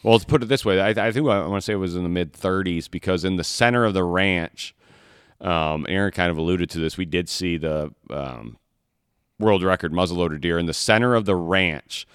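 A man's voice: low voice, a little fast, clean tone, no echo, studio quality. A man from Michigan telling a hunting story in a casual podcast chat, rambling and restarting his sentences often. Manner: rambling, repeats words, many restarts. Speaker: podcast co-host, hunter.

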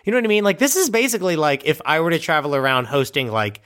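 Guy cohosting a podcast, super animated pitch, rambling and swearing a lot. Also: quick pace. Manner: loose, swearing, rambling with many fillers. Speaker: podcast co-host. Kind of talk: casual improvised chat.

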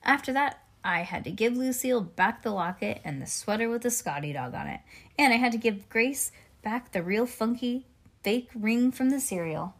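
A woman's voice: a little high, moderate pace. Woman reading a kids book aloud. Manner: lively, expressive storytelling. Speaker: reader.

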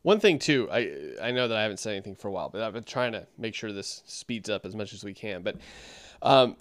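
A man's voice: fairly low pitch, lively intonation, quick pace, dry recording, studio quality. A man casually commenting on and reviewing a sermon, talking conversationally with frequent restarts.

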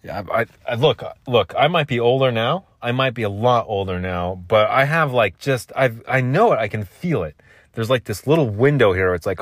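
A man's voice: medium pitch, lively intonation, fairly quick, no echo, clean studio sound. A man in his thirties hosting a solo podcast, telling a rambling, self-mocking story with casual swearing. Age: 30s. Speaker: podcast host.

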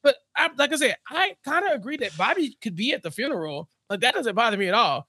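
A man co-hosting a podcast in casual chat, animated and acting out characters' lines as he recaps an episode. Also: very high-pitched, quick pace, few pauses, husky, dry recording. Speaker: podcast co-host.

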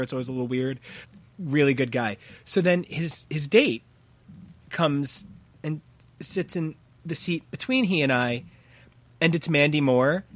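Podcast guy getting all excited telling a story, kinda high voice, dry mic. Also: no room sound. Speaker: podcast co-host. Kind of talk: casual storytelling chat.

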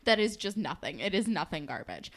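A woman's voice: on the low side, very animated, a little fast. A young woman in casual chat, expressively ranting about a TV show with lots of "like". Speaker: podcast co-host recapping a show.

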